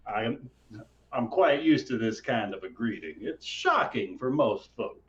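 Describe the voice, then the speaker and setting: A man's voice: unhurried, lightly acted. A man voicing a wandering frontier stranger who talks with polite, old-fashioned formality. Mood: courteous. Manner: polite, old-fashioned phrasing, lively pitch. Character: drifting male stranger, courteous and formal. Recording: dull lo-fi mic.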